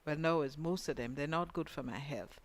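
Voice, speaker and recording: Woman, grenadian accent, radio co-host, gravelly voice, frank and emphatic. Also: low voice, brisk. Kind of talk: call-in radio talk.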